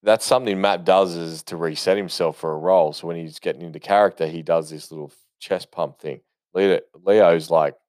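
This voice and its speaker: A man's voice: deep voice, fairly even intonation, normal speed, darkish tone, dry recording, studio quality. A man giving casual, rambling movie commentary, full of swearing and fillers and eager about what he loves. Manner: rambling, profane, enthusiastic storytelling with many fillers.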